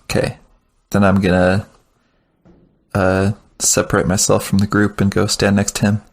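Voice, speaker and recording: A man plays in a tabletop game, relaxed and joking between turns. His voice is low and gravelly. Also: normal speed. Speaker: player. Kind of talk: casual tabletop game chat.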